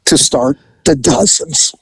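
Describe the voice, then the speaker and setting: A man's voice: fairly high pitch, slow, gravelly, slightly rough, no room sound, rough recording. A man hosting a podcast, telling a comic police story with laughter and voice impressions. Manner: animated, laughing, mimics voices.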